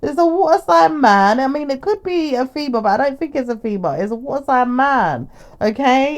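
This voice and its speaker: A woman's voice: on the high side, darkish tone. A woman delivers a solo tarot reading in a loose, rambling way. She slips into the first person to speak the messages she reads from the cards, then drifts back to addressing her listeners. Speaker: tarot reader.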